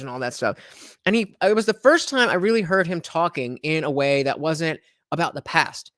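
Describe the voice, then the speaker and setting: A man's voice: on the high side, lively intonation, fast talker, fairly bright tone, no room sound, clean studio sound. A man hosting a reaction show, giving casual, rambling commentary with many restarts and fillers.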